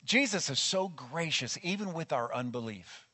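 Animated preaching man in a reverberant church. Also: a little high, moderate pace. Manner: animated, conversational preaching with acted quotes. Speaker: pastor. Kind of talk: sermon. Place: church sanctuary. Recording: long church hall reverb.

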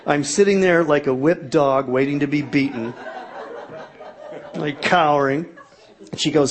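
A man's voice: a little high, measured pace, long pauses. A middle-aged man telling a humorous personal story to an audience in a self-mocking, exaggerated comic way.

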